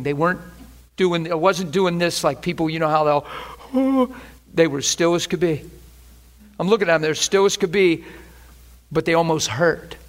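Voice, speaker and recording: A man preaching a sermon, telling a personal testimony in an animated way, often laughing as he speaks. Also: high-pitched. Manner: animated, laughing testimony with sudden shifts between hushed and excited. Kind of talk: sermon storytelling.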